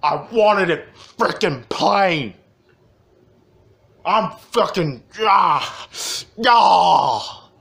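A man voicing an irate fast-food customer who whines and shouts about his order over and over. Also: high voice, voice pushed up. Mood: screaming. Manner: shouting, whining, repeating himself.

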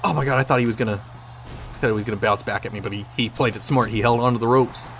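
A man commentating on his own gameplay, excitable, swearing and yelling at the game. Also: medium pitch, fast, soft background music. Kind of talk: let's play commentary.

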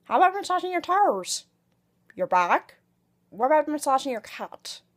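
A woman's voice: high-pitched, sing-song, moderate pace, pitched above the performer's own voice. A woman doing Mister Dancer, a pushy odd man. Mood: eager, fussy.

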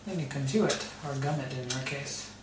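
A man feeding his baby at home, talking to her in gentle, doting, playful baby talk. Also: medium pitch, brisk. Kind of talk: baby talk during lunch. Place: home, at a baby's mealtime. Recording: echoey room, far from mic, loud background noise.

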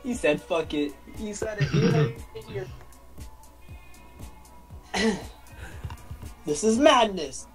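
A woman's voice: fairly low pitch, slow, pauses often, a little mellow. A woman playing a card game with friends, reading cards aloud in a theatrical, exclaiming way. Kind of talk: casual gaming banter. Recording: music playing behind.

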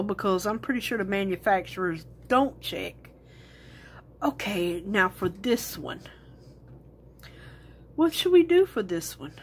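Slow-talking woman chatting over crafts. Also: mid-range voice, big pitch swings, husky. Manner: rambling, thinks aloud while working. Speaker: resin crafter. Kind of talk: casual crafting chat.

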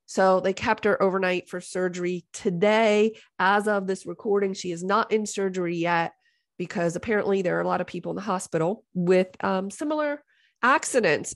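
A middle-aged woman hosting a podcast, telling a story in a casual, animated way, exasperated and joking, often slipping into the voices of others. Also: mid-range voice. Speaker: podcast host.

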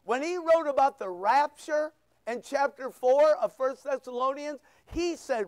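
High-voiced preacher, slow and dry. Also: male voice, no room sound. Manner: preaching with rhetorical questions and sharp asides. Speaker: pastor. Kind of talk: sermon. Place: church.

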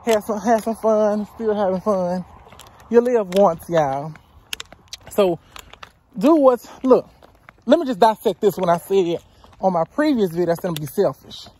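A woman's voice: medium pitch, lively intonation, measured pace, long pauses, dark tone, husky. A woman in her twenties chatting casually while walking outdoors, out of breath, giving blunt, profane advice straight into a handheld phone camera. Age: 20s. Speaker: vlogger. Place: outdoors on roadside near woods.

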